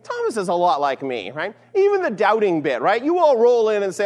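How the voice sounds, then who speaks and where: A man teaching a class on scripture in a lively, conversational way, often checking in with "right?". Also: sits high, brisk, hardly any pauses, in a large hall. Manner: animated, conversational, frequent "right?" asides. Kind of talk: lecture on scripture.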